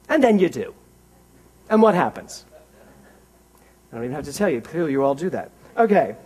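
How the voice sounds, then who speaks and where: A man giving a conversational sermon as a minister in a church, animated and wry, talking straight to his congregation. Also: a little high, moderate pace, pauses often, rough recording.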